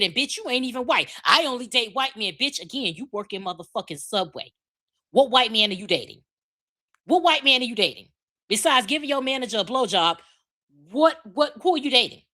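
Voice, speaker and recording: A woman's voice: fairly high pitch, bright, forceful tone. A woman delivering a furious, profane rant packed with repeated rhetorical questions.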